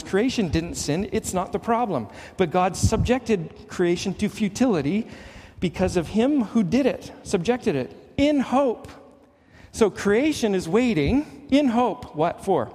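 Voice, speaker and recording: Earnest preacher man in a reverberant hall. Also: slightly rough. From Canada. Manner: earnest preaching, rising to emphatic highs and dropping to hushed lows. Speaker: pastor. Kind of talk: sermon.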